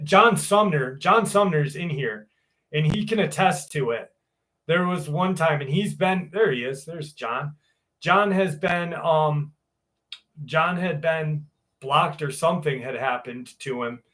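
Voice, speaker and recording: A man's voice: fairly high pitch, fairly bright tone. A man in his forties hosting a live stream, chatting casually, joking about himself and laughing often, then reading a listener's story aloud. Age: 40s. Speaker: podcast host.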